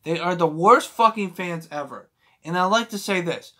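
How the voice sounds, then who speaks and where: A man's voice: sits high, normal speed, bright, forceful tone. A man ranting as a sports fan vlogger, agitated and heavy on swearing, often restarting his sentences when heated. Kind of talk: casual rant to camera.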